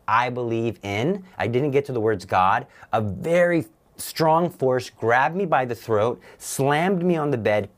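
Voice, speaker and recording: A young man, a guest on an interview show, telling his personal faith story earnestly, with halting restarts. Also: on the low side.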